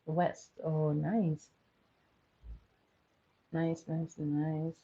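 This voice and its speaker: Slow, husky woman livestreaming makeup. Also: deep voice, level tone, warm tone. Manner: chatty, laughs often, asks viewers questions. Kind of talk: casual livestream makeup tutorial chatting with viewers. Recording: dull lo-fi audio.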